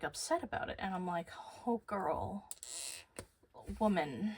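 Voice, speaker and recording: A young woman rambling casually to camera, swearing freely and losing her train of thought. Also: fairly low pitch. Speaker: vlogger.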